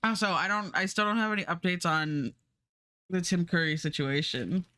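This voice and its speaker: A woman's voice: fairly low pitch, moderate pace, sharp tone. A woman streamer chatting casually while she draws, rambling and laughing often. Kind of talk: casual live-stream chat while drawing. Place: home streaming setup.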